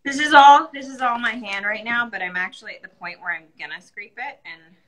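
A woman's voice: mid-range voice, fairly quick, sharp tone, poor audio. A tired young woman in a casual how-to chat, patiently explaining baking steps with a playful edge. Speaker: actress showing how to bake bread.

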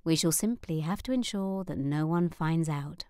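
A woman voicing a gentle but determined middle-aged mother in an audiobook, speaking calmly and firmly. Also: low voice, moderate pace, clear, resonant tone, no echo, studio quality, natural voice. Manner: calm, soothing, firm.

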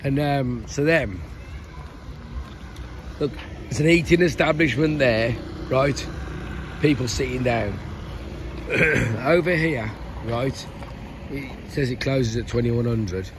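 A man's voice: mid-range voice, slow, pauses often. Rambling man on a noisy street. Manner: rambling, chatty storytelling with many restarts. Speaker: travel vlogger. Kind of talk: casual walking vlog. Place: night street outdoors. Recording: noisy outdoor street recording. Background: street noise and barking dogs.

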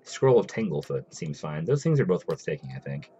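During a live game stream, a man with a very low, mellow voice talks loosely and very animatedly to viewers at a brisk pace, reading the game's text aloud. The audio is dull with a little hiss or hum.

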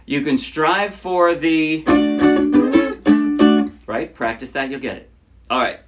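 A man's voice: a little high, animated, takes it slowly, loud music behind the voice. A man teaching a ukulele lesson in a casual, chatty way, talking through chords and counting beats aloud as he plays. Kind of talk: casual instructional talk. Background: loud ukulele playing.

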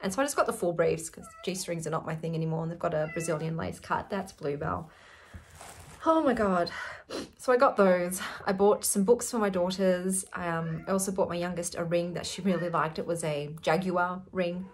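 A woman's voice: on the low side, normal speed. A woman in her forties with an Australian accent, chatting to camera in an effusive, giggly way. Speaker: vlogger. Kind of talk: casual chat to camera.

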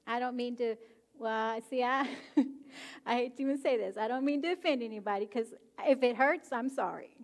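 A woman pastor preaching a sermon, animated and emphatic, often pushing her questions to the congregation. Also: a little high, moderate pace. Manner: animated, rising to emphatic exhortation. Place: church sanctuary.

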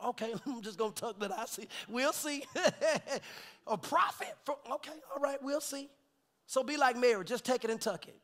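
A pastor preaching in a church, his voice sitting unusually high for a man with a bright, forceful edge. He jokes in a folksy way, then swells into shouted, drawn-out scripture and calls to his congregation. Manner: preaching with call-and-response, rising to shouts; folksy, joking asides with laughter. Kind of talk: sermon. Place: church sanctuary.

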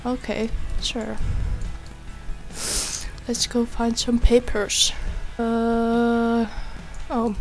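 Slow-talking woman gaming. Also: fairly high pitch, flat delivery, low-quality recording. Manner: slow, muttered reactions to the game. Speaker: gamer. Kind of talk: casual gameplay commentary. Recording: game music underneath.

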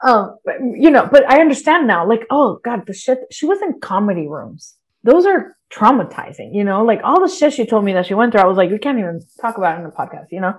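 A middle-aged woman from Texas, a writer on a podcast, talking in casual interview chat, animated, swearing freely and laughing often. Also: fairly high pitch, brisk, few pauses.

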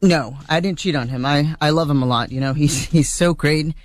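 A man with a high voice calling in to a radio show, nervous and earnest. He stumbles and restarts as he pleads his case, with faint music behind the call. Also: normal speed, dry recording. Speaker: caller.

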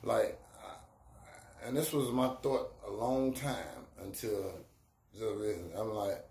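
Slow and creaky, with a darkish, low-sitting tone, a middle-aged rapper recounts career anecdotes in laid-back street talk. He imitates the voices of the people in his stories. The recording carries room echo and faint ambient sound.

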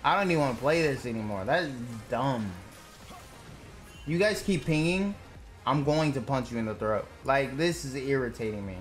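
A man's voice: medium pitch, lively intonation, normal speed, soft background music. A young man streaming a game live, ranting at his teammates in an irritated, profane way. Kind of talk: live gameplay commentary.

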